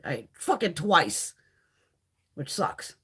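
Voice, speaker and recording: A middle-aged woman talks off the cuff to her live-stream viewers, swearing freely and playing out both sides of remembered conversations. Her voice swings widely in pitch and carries a slightly husky, breathy edge. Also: drawn-out words. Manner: swears constantly, chatty and animated, acts out quoted exchanges. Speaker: beauty vlogger chatting with live viewers. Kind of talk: casual live-stream chat.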